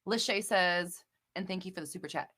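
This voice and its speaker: Briskly answering viewers on a casual live stream, this woman speaks in a fairly low voice that sounds pushed and bright. She's emphatic and rambling, full of fillers and restarts, and swears freely.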